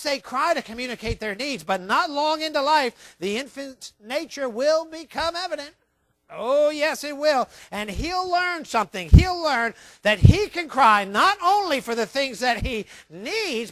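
A man's voice: sits high, fairly bright tone, no echo, clean studio sound. A man teaching parenting from a Christian view in a sermon style, emphatic and fond of repeating key phrases.

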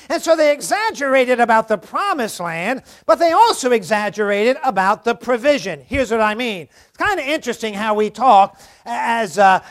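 High-voiced man preaching a sermon. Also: fairly bright tone. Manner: earnest preaching with rhetorical questions. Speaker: pastor.

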